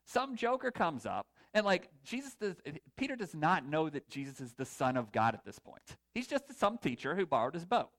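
A man's voice: fairly high pitch, very animated, moderate pace, few pauses, a bit bright. A man preaching a conversational sermon to a live congregation, retelling a story and asking the audience to raise their hands. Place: church or hall before a live congregation.

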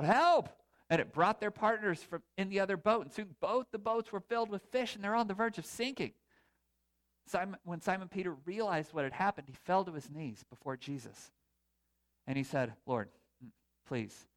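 A man preaching a conversational sermon to a live congregation, retelling a story and asking the audience to raise their hands. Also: on the high side. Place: church or hall before a live congregation.

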